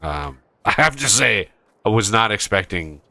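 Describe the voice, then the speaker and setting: A man hosting a gaming session talks casually, rambling and restarting his sentences. His pitch sits low but swings animatedly, and his voice is crisp and bright. The recording is dry and close. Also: very animated, measured pace, no echo. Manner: rambling storyteller, stumbling restarts. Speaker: gaming channel host. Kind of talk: casual chat while playing a game.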